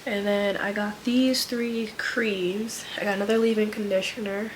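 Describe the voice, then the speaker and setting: Casting: woman, mid-pitch, stuffy and nasal from a cold, loose rambling haul-vlog delivery, noticeable background hiss. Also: flat delivery, normal speed. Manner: rambling, filler-heavy, laid-back. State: stuffy nose. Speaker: vlogger, full-time nurse. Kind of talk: casual haul chat.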